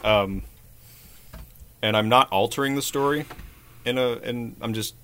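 A man co-hosting a casual comedic podcast, reacting excitably, rambling and poking fun at himself. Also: mid-range voice, unhurried, a little hiss or hum. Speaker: podcast co-host.

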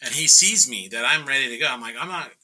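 A man's voice: medium pitch, fast, poor audio. A middle-aged man casually telling a story, acting out other people's lines and often laughing. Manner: animated, acts out quoted voices, laughs often. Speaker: guest painter telling a story.

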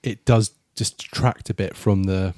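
A man's voice: fairly low pitch, fairly even intonation, moderate pace, mellow, no room sound. A man chatting casually as a podcast co-host reviewing a film, rambling and restarting his sentences.

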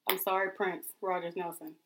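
A woman's voice: lowish voice, flat delivery, a little fast, a bit bright, a little hiss or hum. A woman co-hosting a podcast in casual chat, insistent and easygoing, swearing casually and laughing often. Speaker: podcast co-host.

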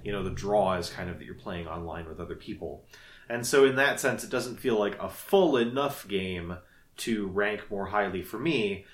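A man's voice: low voice, normal speed. A man co-hosting a podcast in casual chat, thoughtful and hesitant, with many fillers. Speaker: podcast co-host. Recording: echoey room.

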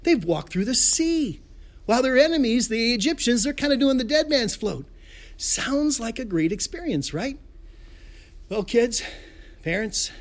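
A male pastor delivering an online sermon in a high, lively voice that leaps up and down in pitch. He tells the story playfully, tosses in pop-culture jokes and chuckles between lines.

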